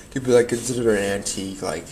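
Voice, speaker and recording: A man's voice: mid-range voice, a little mellow, slight background noise. Laid-back New guy rambling. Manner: nostalgic, rambling, laughs often. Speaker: vlogger. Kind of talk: casual chat to camera.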